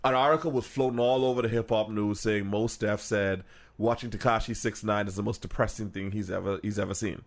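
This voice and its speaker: A man co-hosting a podcast in loose, animated chat. He laughs easily and jumps into voices to act out what other people said. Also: lowish voice, a little fast. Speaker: podcast co-host.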